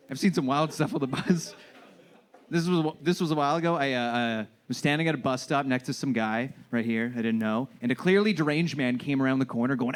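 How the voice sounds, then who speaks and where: Fairly high-voiced comic telling bus stories. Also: male voice, brisk. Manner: storytelling, self-deprecating, acts out shouting characters. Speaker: stand-up comedian. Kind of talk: stand-up set. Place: comedy club stage with laughing audience.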